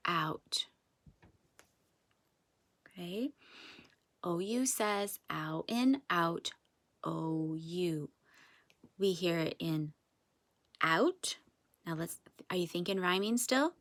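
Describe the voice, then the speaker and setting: A woman teaching a phonics lesson to young children, slow and sing-song, drawing out each word to encourage them. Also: fairly low pitch, fairly bright tone. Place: classroom or home with whiteboard.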